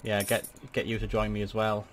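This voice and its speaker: A young man giving chatty let's play commentary as a gaming channel host, swearing in sudden excited outbursts at a desk microphone. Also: lowish voice, fairly quick.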